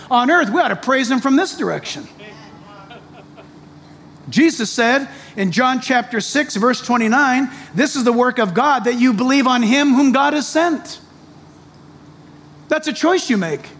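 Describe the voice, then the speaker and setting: A pastor preaching a sermon, animated, with joking asides and acted-out quotes. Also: male voice, extremely high pitch, unhurried. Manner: animated, jokey asides, acts out quoted voices.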